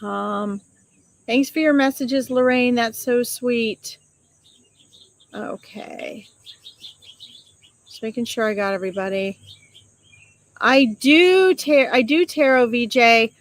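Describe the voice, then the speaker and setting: Chatty, higher-voiced woman reading live comments. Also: slow, long pauses. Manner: chatty and affectionate, greets viewers with pet names. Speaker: psychic medium hosting a live stream. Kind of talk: casual live-stream chat reading viewer comments. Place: outdoors.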